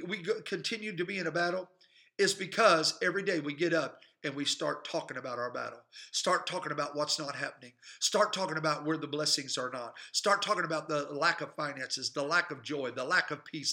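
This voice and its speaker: Male pastor, high and piercing voice, fervent emphatic sermon delivery. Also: bright, forceful tone. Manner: fervent, emphatic, repetitive preaching cadence. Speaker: pastor and evangelist. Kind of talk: preaching sermon. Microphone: podcast microphone.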